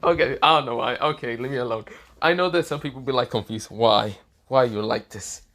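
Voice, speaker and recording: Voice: mid-range voice, brisk, fairly bright tone. Rambling, filler-heavy story narrator. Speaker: fan-fiction narrator. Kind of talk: casual story retelling.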